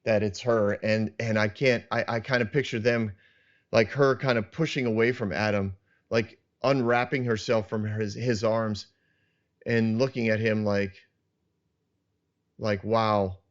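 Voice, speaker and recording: A man's voice: lowish voice, steady tone, measured pace. A man hosting a podcast, reflecting earnestly on a scripture passage and often restarting his sentences as he thinks aloud. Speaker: podcast host teaching scripture. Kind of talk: reflective teaching talk. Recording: dull lo-fi sound.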